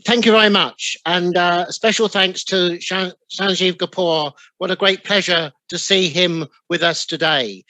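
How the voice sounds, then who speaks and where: Bright-voiced London man chairing a ceremony. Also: high voice, steady tone, unhurried, hardly any pauses, no room sound, low-quality recording. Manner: courteous, apologetic, reading names. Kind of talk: formal ceremony address. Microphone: video call.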